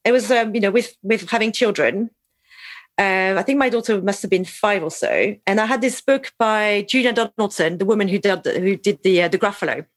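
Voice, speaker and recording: A woman's voice: mid-range voice, fairly quick, no echo. A woman in her forties, from France, chatting as a podcast guest. She laughs often and restarts her sentences as she talks. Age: 40s. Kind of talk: casual conversation.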